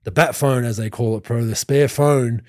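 A man in his thirties, a podcast host who played pro basketball, telling lively anecdotes with many restarts and laughs. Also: mid-range voice, normal speed, no room sound, studio quality. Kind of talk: casual storytelling chat.

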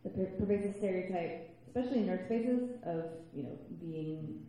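A woman on a convention panel who speaks in a measured, hesitant way, with many fillers. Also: medium pitch, dark tone, heavy reverb, poor audio.

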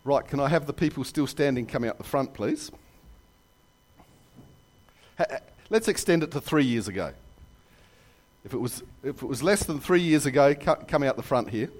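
A man preaching a sermon in a church, telling jokes and stories with lively asides. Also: mid-range voice, moderate pace, pauses often. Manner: animated storytelling with jokes and asides. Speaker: pastor.

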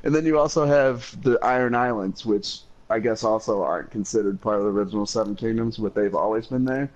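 Relaxed male podcast co-host, rambling casual delivery, a somewhat dull recording. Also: lowish voice, a little fast. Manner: laid-back, rambling with fillers. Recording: dull lo-fi sound.

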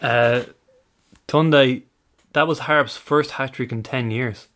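A man's voice: medium pitch, steady tone, takes it slowly, a bit bright. Chatty male co-host. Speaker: podcast co-host. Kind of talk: casual football banter.

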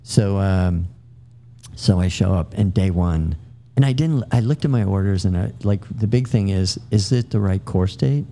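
Gravelly, deep-voiced man telling war stories. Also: normal speed, warm tone. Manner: rambling anecdotes with frequent fillers and restarts. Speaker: podcast guest, military veteran. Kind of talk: casual storytelling.

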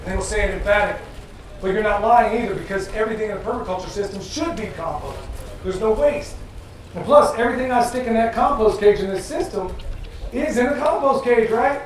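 A man's voice: sits high, a little fast. A man giving a live talk to an audience, chatting plainly and joking as he goes. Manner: joking, conversational, plain-spoken. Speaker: festival presenter. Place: event venue with audience. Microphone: far from the mic. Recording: very echoey, distant, noisy live room.

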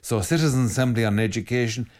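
A man's voice: mid-range voice, very fast. A man who is a priest, with an Irish accent, bluntly answering listener comments, reading each one aloud before giving his frank reply. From Ireland. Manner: blunt, animated, reads comments aloud then answers them.

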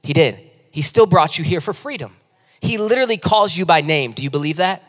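A high-voiced man in his thirties delivers an impassioned sermon. He swings from loud, urgent pleading down to quiet, intimate asides, and his voice rings with a long reverb from a large church hall. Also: expressive, brisk. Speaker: pastor.

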